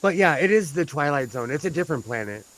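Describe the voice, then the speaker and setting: A man's voice: a little high, expressive, fast, fairly bright tone, rough recording. A man from California chatting casually on a live stream, rambling through stories and laughing often. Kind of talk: casual chat.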